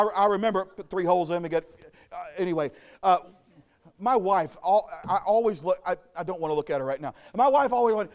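A man from Arkansas preaching a sermon in a folksy way, with joking asides and personal stories. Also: high voice.

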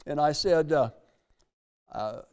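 A man's voice: fairly high pitch, slow pace, a little mellow, smooth. An older man, preaching a sermon in a folksy way, repeating phrases and reading scripture aloud. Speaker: pastor.

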